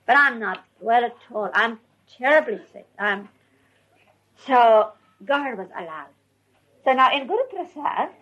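A woman recounting her memories to an audience in an animated way, often laughing as she tells. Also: on the high side, low-quality recording. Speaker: storyteller.

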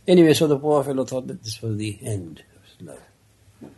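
A man telling a parable in an unhurried, conversational way, with many casual asides. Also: medium pitch, big pitch swings, dark tone, husky. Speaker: storyteller. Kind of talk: casual spoken storytelling of a parable.

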